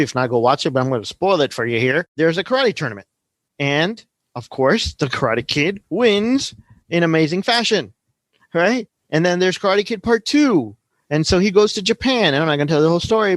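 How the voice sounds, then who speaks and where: A man's voice: on the high side, dry recording. A man in his forties hosting a podcast, talking casually and rambling through a story, often adding "right?". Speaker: podcast host. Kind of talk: casual teaching talk.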